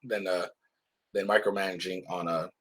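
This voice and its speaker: A man's voice: deep voice, fairly even intonation, normal speed, fairly bright tone, husky, pitched below the performer's own voice. A man voicing an imagined defendant brushing off accusations with offhand excuses, with a stuffy nose. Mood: dismissive. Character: man on trial, dismissive, defending himself.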